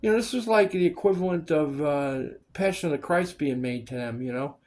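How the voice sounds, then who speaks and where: A man recounts stories in a relaxed chat with a slightly high voice. He is animated, switching into other people's voices as he quotes them, and drops swear words freely. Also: fairly quick. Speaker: storyteller recalling film work. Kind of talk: casual chat.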